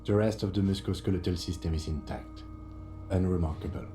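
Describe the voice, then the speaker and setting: An actor playing a calm, methodical police lieutenant in a video game, speaking in a measured, clinical, composed way. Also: male voice, sits low, natural voice.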